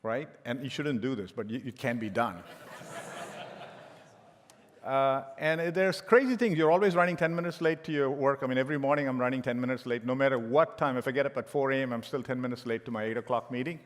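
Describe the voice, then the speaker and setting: A man's voice: mid-range voice, fairly quick. A middle-aged man giving a conference keynote as a tech executive, telling joking anecdotes with frequent restarts. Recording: long hall reverb.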